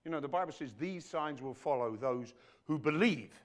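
A man preaching a sermon in church as the pastor, emphatic, dropping to a hush and rising to loud, speaking straight to his congregation. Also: a little high, moderate pace. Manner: emphatic, swinging between hushed and loud; addresses the congregation directly.

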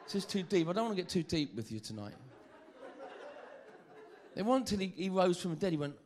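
A man preaching a sermon, lively and joking, often stammering and repeating phrases. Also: high voice, fairly quick, long pauses.

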